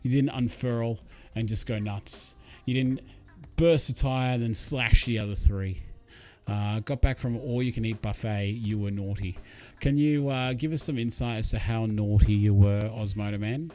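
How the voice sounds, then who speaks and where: A man's voice: medium pitch, warm tone. A man hosting a casual live stream, rambling and chatty as he reads out viewer comments, with many ums and uhs. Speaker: livestream host.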